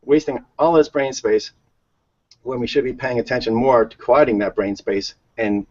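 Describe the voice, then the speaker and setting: A man co-hosting a relaxed talk show, chatting in an average pitch and circling back on his words. The sound is dull and lo-fi. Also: normal speed. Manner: chatty, storytelling, repeats words. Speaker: co-host. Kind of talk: casual conversation.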